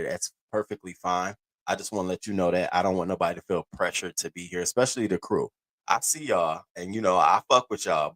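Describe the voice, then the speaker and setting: A man's voice: low voice, a bit bright. A man in his thirties hosting a casual live stream, candid and profane, swinging between laughing and heavy moments. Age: 30s.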